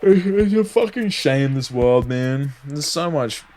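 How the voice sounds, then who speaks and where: A young man livestreaming, ranting casually to his chat in an animated, heavily profane, slangy way. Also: medium pitch, a little slow. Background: music.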